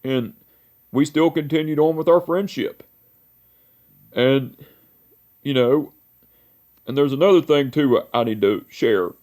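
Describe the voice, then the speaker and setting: A man's voice: medium pitch, takes it slowly, long pauses, a little mellow. A young man in his twenties telling a heartfelt, rambling story in a personal memorial vlog, repeating "I said" and "you know" often. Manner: emotional, heartfelt.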